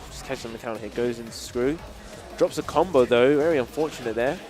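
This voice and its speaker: Excitable male play-by-play commentator. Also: medium pitch, a little fast, soft background music. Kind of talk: casual esports commentary.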